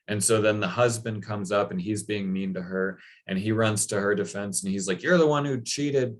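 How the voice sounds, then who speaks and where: Deep-voiced man retelling a legend casually. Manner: conversational, many fillers and quoted asides. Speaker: speaker on mythology.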